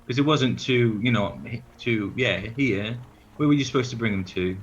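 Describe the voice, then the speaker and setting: A man's voice: mid-range voice, normal speed, dull audio, slight background noise, close to an everyday voice. A man playing a coaxing, charming bard. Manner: coaxing, calls people mate.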